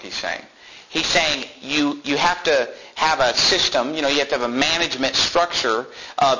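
Male preacher, higher bright voice, slow verse reading, emphatic commentary. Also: slight background noise, poor audio. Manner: reads scripture slowly, then explains it emphatically. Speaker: pastor. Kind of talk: sermon.

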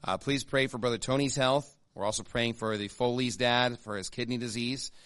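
A man's voice: medium pitch, fairly even intonation, moderate pace, fairly bright tone, no echo. A man, a pastor giving church announcements in a casual, chatty way with many fillers and restarts. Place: church sanctuary.

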